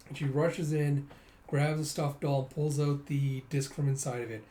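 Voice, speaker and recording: A man casually recapping a comic story in an animated way, acting out the lines. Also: fairly high pitch, moderate pace. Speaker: manga recapper. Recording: roomy echo.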